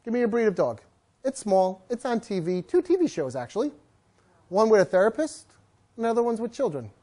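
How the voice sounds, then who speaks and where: Speaking live to a room of people, a woman dog trainer keeps things lively and joking, slipping into quick voices for owners and dogs. Her pitch swings widely, rising and falling through each story.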